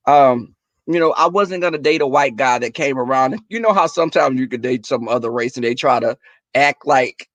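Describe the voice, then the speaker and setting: Male stream host, sassy and profane, slightly high voice, dry sound. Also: no echo. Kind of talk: casual chat with viewers.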